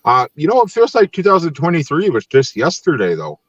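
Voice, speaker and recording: A man's voice: a little high, huge pitch swings, a little fast, fairly bright tone, dry recording, muffled recording. A young adult man from Tennessee hosting a podcast in casual chat, easygoing, laughing often and using many fillers. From Nashville, Tennessee. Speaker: podcast host.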